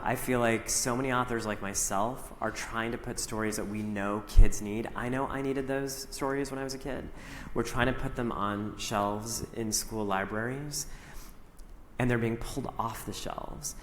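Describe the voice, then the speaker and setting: A middle-aged man, an author and actor appearing as keynote guest, tells his own story openly in an onstage conversation in a large hall, where a long, roomy echo follows his ordinary-pitched voice over a faint hum. He's animated, acts out his past lines, laughs often, and grows briefly emotional.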